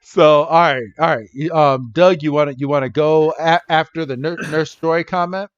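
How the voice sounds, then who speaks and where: A man's voice: a little high, fairly even intonation, moderate pace, smooth, dry recording, lo-fi sound. A man co-hosting a podcast, chatting casually and laughing as he retells scenes with quoted voices. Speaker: podcast co-host. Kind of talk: casual chat recapping an episode.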